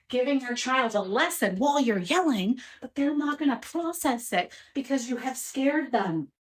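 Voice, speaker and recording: A woman parenting educator talking straight to the viewer in an animated, explanatory way, calling them "dear parent". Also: sits high, rough recording. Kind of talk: explanatory talk to camera.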